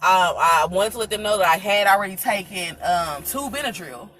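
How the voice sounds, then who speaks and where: A woman vlogger telling a personal story in casual chat, animated and laughing, acting out the people she quotes. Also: medium pitch, normal speed.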